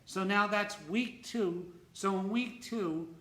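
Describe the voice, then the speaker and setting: Male host, somewhat high voice, emphatic and restarting sentences, recorded in an echoey room. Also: takes it slowly, fairly bright tone. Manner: emphatic, repeats words when starting sentences. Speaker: host of a retreat center talk. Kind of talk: casual interview.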